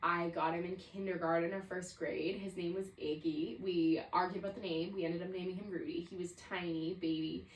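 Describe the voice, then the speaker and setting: A woman's voice: on the low side, steady tone, moderate pace, few pauses, roomy sound, far from the mic, low-quality recording. A woman in her twenties hosting a solo podcast, talking reflectively and rambling with lots of "like.". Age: 20s. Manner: reflective, rambling, heavy use of "like". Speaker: podcast host. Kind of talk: casual solo podcast monologue.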